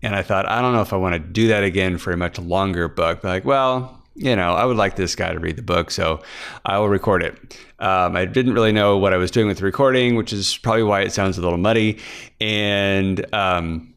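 Low, smooth-voiced man rambling. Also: a little fast, a bit bright. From Kansas, USA. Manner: rambling, many fillers and restarts. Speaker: author and podcast host. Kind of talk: casual behind-the-scenes chat.

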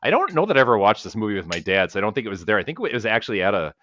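Low-voiced man rambling about movies. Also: sing-song, very fast, a bit bright, dry recording, muffled recording. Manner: rambling, swears, laughs often. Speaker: podcast co-host. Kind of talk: casual movie podcast chat.

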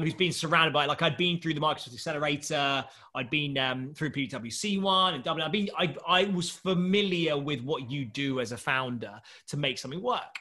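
Animated man telling a story. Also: on the high side. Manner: animated storyteller who laughs often and does voices. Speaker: startup founder. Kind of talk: anecdote in podcast chat.

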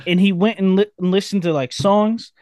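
A man's voice: high-pitched, steady tone, normal speed, darkish tone, no echo, clean studio sound. A young man, a rapper, chatting casually in an interview, rambling with many fillers and laughing easily. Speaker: rapper guest.

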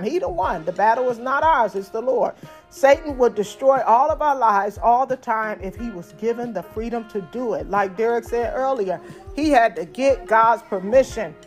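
A woman preaching a sermon in a conversational, folksy way, addressing the congregation directly. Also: a little high.

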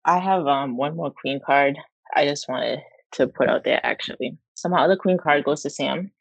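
A woman talks through a sincere tribute on a podcast, rambling and full of fillers. Her voice has a gravelly fry, and the sound is dry and close. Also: low-pitched, normal speed, dry recording, poor audio. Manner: earnest, rambling, many fillers. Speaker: podcast co-host. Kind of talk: heartfelt casual tribute.

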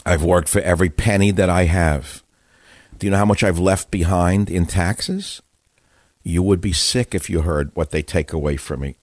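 A man's voice: sits low, normal speed, a little mellow, no room sound, clean studio sound. An older man hosting political talk radio, ranting angrily about taxes and politicians. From United States. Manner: angry ranting. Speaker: radio host.

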